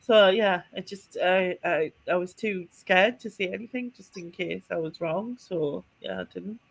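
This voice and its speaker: A woman's voice: fairly low pitch, normal speed, gravelly. A woman, telling a story in casual podcast chat, rambling with restarts and small laughs. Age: 40s. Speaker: podcast co-host.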